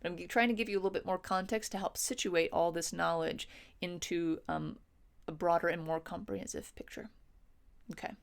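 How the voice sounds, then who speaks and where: A woman's voice: fairly low pitch, gravelly. A woman teaching a music lesson, patiently explaining and counting beats aloud, often checking in with the listener. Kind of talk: instructional lesson.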